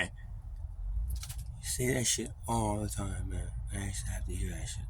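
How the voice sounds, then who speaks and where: A man talking through old family memories in a rambling, profane vlog, often trailing off and halting with fillers. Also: sits low, pushed and bright, breathy edge. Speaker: vlogger. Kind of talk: confessional vlog monologue.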